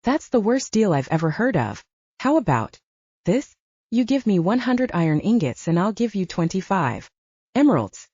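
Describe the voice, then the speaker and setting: A woman's voice: medium pitch, big pitch swings, moderate pace, a little mellow, husky, no echo, highs cut off. A woman voicing a wry, shrewd young male hero in a storybook reading. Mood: bargaining.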